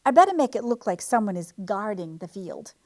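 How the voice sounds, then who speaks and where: Reader doing a loud scolding farmer man, hot-tempered and gruff, storybook read-aloud. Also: medium pitch, sing-song, a little fast. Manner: exclaiming, scolding.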